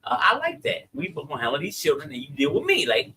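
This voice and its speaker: A man with a Southern US accent hosting a podcast, chatting casually and reading listener comments with lively, slangy delivery. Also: on the high side, quick pace, poor audio. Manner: animated, laughing, Southern slang. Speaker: podcast host.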